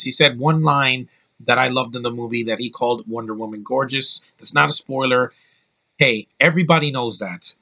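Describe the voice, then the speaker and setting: A man's voice: mid-range voice, pushed and bright. A man giving a casual spoken movie review, enthusiastic and blunt, rambling with restarts and the odd swear word.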